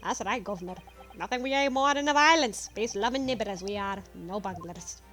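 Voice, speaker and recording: A woman's voice: mid-range voice, a little fast, fairly bright tone, soft background music, natural voice. A woman voicing a shifty male Cockney thief in a game playthrough, blustering and jeering. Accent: Cockney put-on.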